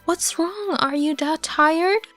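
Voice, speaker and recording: A woman voicing a kindly elderly grandmother in a narrated story, speaking in a gentle, reassuring way. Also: very high voice, takes it slowly, soft background music, pitched above the performer's own voice, full character voice. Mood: caring. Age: older.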